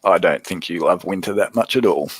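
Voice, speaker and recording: A man's voice: low-pitched, brisk, breathy edge, low-quality recording. A man with an Australian accent hosting a casual livestream, chatting easily and answering viewer comments as he goes. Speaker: livestream host.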